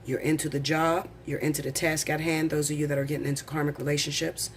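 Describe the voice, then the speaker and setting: A woman reading tarot cards in a casual, blunt, excitable way, rushing and tripping over her words. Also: low-pitched, a little hiss or hum. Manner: rapid, excitable, blunt with swearing. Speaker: tarot reader.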